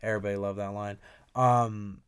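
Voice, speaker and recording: Speaking at a normal speed, a young man with a low, smooth, resonant voice gives excitable, casual commentary on music, reading lyrics aloud and swearing freely. He jumps between loud bursts and quiet, mumbled asides.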